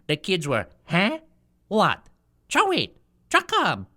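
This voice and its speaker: A gossipy island auntie from a comedy radio sketch, talking in Hawaii Pidgin. Her bright voice bounces up and down through the rambling story. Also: mid-range voice, wildly swooping pitch, slow, heavily acted. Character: older island mother, chatty gossiping auntie.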